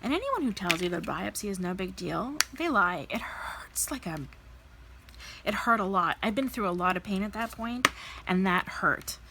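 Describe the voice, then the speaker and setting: A woman in her thirties, a vlogger telling a personal story in a candid, animated way, acting out the people she quotes. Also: medium pitch, a little fast, vocal fry, noisy background. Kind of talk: casual storytelling while crafting.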